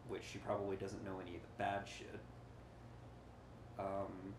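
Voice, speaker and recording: A man talks through his character's actions in a tabletop game, often laughing as he goes. His voice is a bit low, and an echoey room with faint noise surrounds it. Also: normal speed. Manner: laughing, animated planning. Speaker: player.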